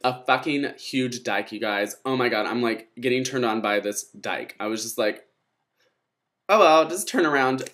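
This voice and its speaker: A man's voice: on the low side, fairly even intonation, moderate pace, hardly any pauses, a bit bright. Gossipy young man telling a vlog story. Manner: dramatic, gossipy, swears freely. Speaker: vlogger.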